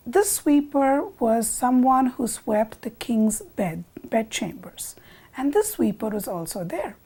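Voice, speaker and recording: A woman narrating a traditional fable expressively, moving from loud emphasis to whispers. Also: on the high side. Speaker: storyteller. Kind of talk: animated storytelling narration.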